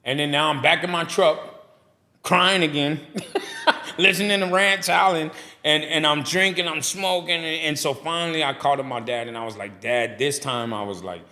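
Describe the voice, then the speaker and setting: A man's voice: fairly high pitch, moderate pace. A middle-aged man, a guest telling stories on a casual podcast and acting out the people he quotes. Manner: animated storyteller who acts out quoted people. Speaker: guest, barbershop owner and pastor.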